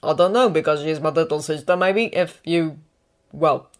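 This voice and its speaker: A woman's voice: deep voice, normal speed, close to an everyday voice. A woman reading a fan story aloud while voicing a teenage boy wizard, a blunt and loyal friend, in an earnest, blurting way. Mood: earnest protective.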